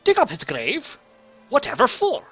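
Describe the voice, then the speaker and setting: A man voicing a gruff, intolerant male dwarf with pompous, theatrical speech and a put-on accent that keeps slipping. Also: very high-pitched, wildly swooping pitch, unhurried, a bit bright, soft background music, voice pushed up, heavily acted. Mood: haughty.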